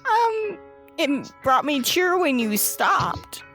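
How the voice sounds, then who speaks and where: A woman's voice: high-pitched, sing-song, slow pace, fairly bright tone, faint music behind. A woman acting as game master, narrating a tabletop game in a playful, teasing way with frequent laughs.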